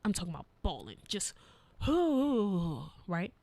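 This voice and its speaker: A young adult woman co-hosting a podcast, talking in a blunt, profane, animated storytelling way. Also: lowish voice, slow pace, vocal fry, no echo. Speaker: podcast co-host. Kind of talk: casual chat.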